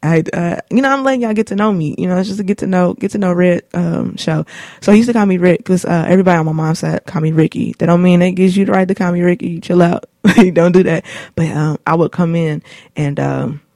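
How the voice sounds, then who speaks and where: A woman's voice: on the low side, fast, dark tone, no room sound, clean studio sound. A woman in her late twenties hosting her own show, telling personal stories in a laid-back, rambling, slangy way with many fillers. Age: late 20s. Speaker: show host. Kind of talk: casual personal storytelling. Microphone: studio mic.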